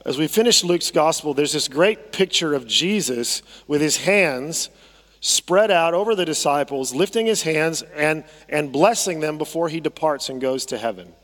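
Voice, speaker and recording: A man's voice: a little high, expressive, normal speed, fairly bright tone, big-room sound. A man preaching a sermon as pastor, conversational, often repeating phrases and asking the congregation to respond. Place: church sanctuary.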